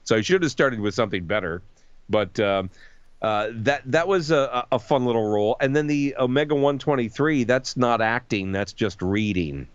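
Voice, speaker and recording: A middle-aged voice actor telling lively anecdotes in a casual interview. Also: male voice, mid-range voice, normal speed, clear, resonant tone, no echo, lo-fi sound. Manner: animated anecdotes with voice impressions. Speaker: voice actor guest.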